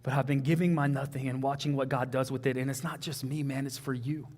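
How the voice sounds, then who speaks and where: A man's voice: medium pitch, flat delivery, quick pace, darkish tone. A young man with a Texan accent preaching a sermon in an earnest, conversational way, often saying "man" and "like".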